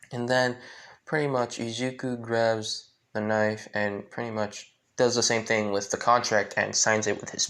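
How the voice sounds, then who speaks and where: A man improvising a fan-fiction story in a halting, rambling way with many restarts. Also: medium pitch, a bit bright.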